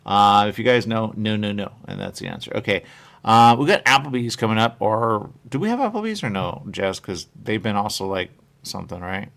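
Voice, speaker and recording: Low gravelly guy rambling on a live show, keeps saying "there you go". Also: sing-song, a little fast, a bit bright. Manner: rambling, repeats "there you go", reads chat comments aloud. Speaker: radio show host.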